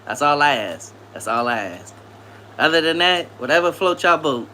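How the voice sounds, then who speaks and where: Chill guy w/ on a live stream, bright voice, pitch all over the place, laughing with chat. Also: animated, normal speed, a little hiss or hum. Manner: laid-back slangy banter, laughs often.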